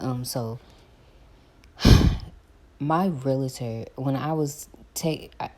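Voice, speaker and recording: A woman, chatting casually to her viewers while doing her hair, animated as she retells her calls. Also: a bass voice. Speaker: vlogger.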